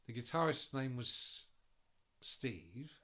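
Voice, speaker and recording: Man, casual anecdotes, swears a lot, lively swooping pitch. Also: takes it slowly. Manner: animated storyteller, swears freely, acts out other people's voices. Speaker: podcast guest telling road stories. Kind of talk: casual chat, anecdote telling.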